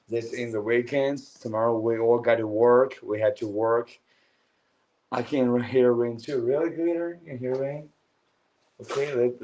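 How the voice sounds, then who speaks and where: A man's voice: medium pitch, darkish tone, slight background noise, low-quality recording. A young man, chatting casually and slangily on a late-night livestream, sleepy and swearing now and then. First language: Chinese. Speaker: livestream host.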